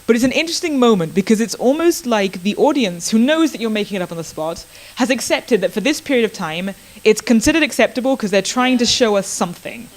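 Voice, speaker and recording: A woman's voice: a little high, expressive, quick pace, hardly any pauses. Hesitant woman panelist who does improv. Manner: thoughtful, hesitant, many fillers. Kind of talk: panel discussion.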